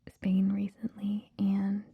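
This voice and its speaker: A young woman, rambling in a breathy ASMR whisper close to the mic, drifting along with many ums. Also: medium pitch, monotone, takes it slowly, phone-quality sound. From Canada. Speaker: ASMR creator. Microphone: close ASMR microphone.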